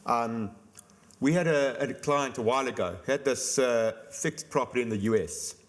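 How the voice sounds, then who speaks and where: A man, an insurance expert explaining things on a conference panel in a chatty way. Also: medium pitch. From South Africa. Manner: fast, explanatory, chatty with "you know" fillers. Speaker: insurance company expert guest.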